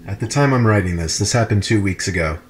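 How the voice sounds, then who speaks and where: A man reading true horror stories aloud in an even, measured narration. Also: lowish voice, a little hiss or hum. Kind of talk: scripted narration.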